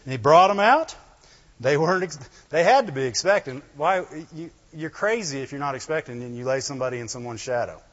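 High-voiced preacher in an echoing hall. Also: male voice, fairly quick. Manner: animated, rhetorical questions, bursts of "Glory to God". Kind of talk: sermon. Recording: dull lo-fi sound in a reverberant hall.

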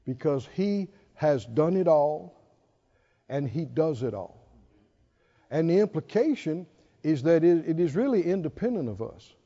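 A man preaching a sermon, swinging between loud, animated calls and hushed asides. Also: a little high, unhurried, dull audio. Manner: animated preaching, mimics whiny voices and swings from shouting to hushed.

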